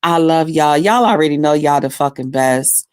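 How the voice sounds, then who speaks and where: Her voice is low and her pace moderate as this female livestreamer hangs out casually with her chat. She swears heavily through rowdy stories and greets individual viewers by name, speaking right to them.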